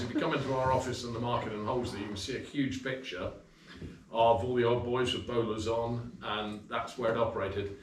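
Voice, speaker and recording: A man with a slightly worn voice giving a relaxed, chatty talk about his business to a club in a pub function room. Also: mid-range voice, normal speed, crowd noise. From England. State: voice a little worn from selling. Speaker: guest speaker, livestock auctioneer. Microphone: far camera. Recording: roomy, distant, faint room noise.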